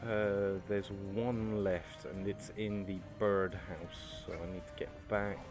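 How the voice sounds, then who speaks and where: Low-voiced streamer joking around. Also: male voice, flat delivery, slow, music in the background. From France. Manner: joking, rambling, answers chat. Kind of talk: casual gameplay commentary.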